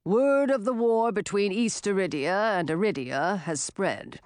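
A woman voicing an old male ice dragon king who speaks slowly and solemnly, lowering her voice for him. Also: a little mellow, no room sound, studio quality, natural voice. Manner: slow, solemn, low voice. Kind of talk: audiobook character reading.

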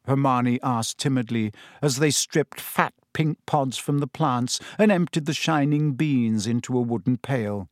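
An audiobook narrator reading a story, expressive and fond of doing character voices. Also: mid-range voice, measured pace, few pauses, no echo, studio quality. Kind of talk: scripted narration.

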